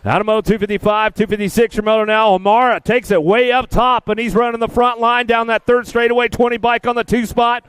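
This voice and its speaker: A man calling a live BMX race, rattling off rider names and positions in quick bursts and chatting to the riders in a chummy way. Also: very high voice, level tone, a bit bright, clear, resonant tone, no room sound. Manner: rapid-fire calls of rider names and positions. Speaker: race announcer. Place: outdoor race track.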